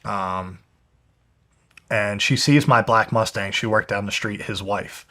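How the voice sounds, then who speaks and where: A man's voice: on the low side, takes it slowly. Swearing young man telling a story. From New Jersey, USA. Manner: heavy swearing, animated retelling with quoted voices. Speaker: guest, pro fighter. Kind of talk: candid storytelling.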